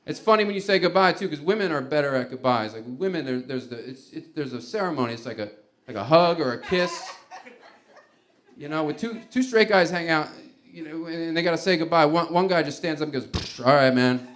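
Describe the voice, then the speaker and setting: A man's voice: a little high, lively intonation, brisk, a bit bright, slight background noise. A man doing a rambling stand-up comedy routine, chuckling and acting out little quotes. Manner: rambling, laughing, acts out quotes.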